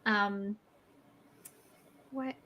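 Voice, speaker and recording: A woman's voice: mid-range voice, fairly even intonation, very slow, pushed and bright, muffled recording, slight background noise. A woman hosting a casual livestream chat, reading viewer comments aloud and talking through her goals. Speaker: livestream host.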